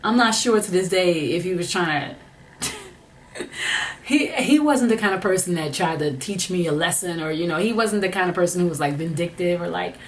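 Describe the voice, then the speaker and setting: Frank, chatty low-voiced woman. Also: a little hiss or hum. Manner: chatty, frank, many "like" fillers and restarts. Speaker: vlogger. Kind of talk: candid storytelling monologue.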